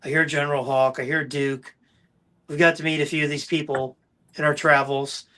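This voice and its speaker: Bright-voiced enthusiastic male podcast host. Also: on the high side, flat delivery, moderate pace. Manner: enthusiastic storyteller. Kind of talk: casual chat.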